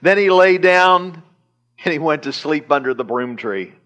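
Male pastor, fairly high voice; animated sermon storytelling with repetition. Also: measured pace. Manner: animated retelling with chuckles and repetition. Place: church service.

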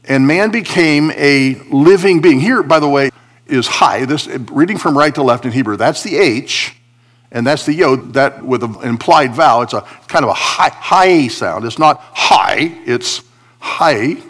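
A man preaching a sermon, swinging between emphatic high points and a quiet confiding tone as he explains Hebrew words from scripture. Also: moderate pace. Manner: animated preaching, rising for emphasis, dropping to a confiding hush. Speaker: pastor.

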